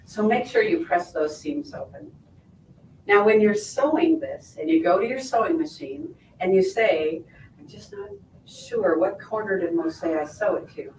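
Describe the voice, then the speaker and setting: A sewing instructor with a mid-range, darkish voice gives a hands-on quilting lesson, explaining each step warmly and checking in with viewers using "right?" and "okay?". The distant, off-mic recording in an echoey shop or studio carries slight background noise.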